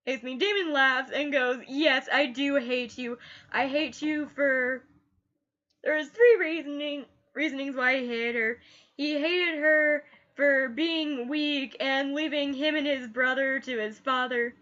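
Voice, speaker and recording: A woman with a bright, high voice talks through a TV episode at an unhurried pace. She gushes and often repeats the last word she said. The recording is a little dull and lo-fi. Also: fairly even intonation. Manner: gushing, repeats last words like an echo. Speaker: TV reviewer. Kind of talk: casual spoken review.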